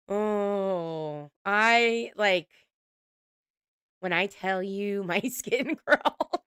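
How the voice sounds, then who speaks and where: Slow-talking chatty woman host. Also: medium pitch, fairly bright tone, smooth, no room sound, clean studio sound. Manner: chatty, laughs often, swears casually. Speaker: reality TV recap host. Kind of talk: casual recap chat.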